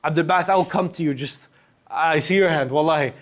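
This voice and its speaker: A young man teaching a workshop on public speaking to a live group, animated and shifting his loudness and pace to demonstrate. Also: a little high, fairly quick. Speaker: workshop instructor. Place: room with a live audience.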